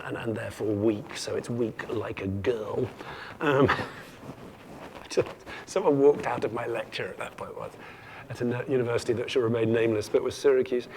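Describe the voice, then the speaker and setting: A man's voice: mid-range voice, darkish tone, a little hiss or hum. Jokey man giving a keynote lecture. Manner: playful and jokey, with frequent stammered restarts. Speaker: keynote speaker. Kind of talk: humorous conference lecture.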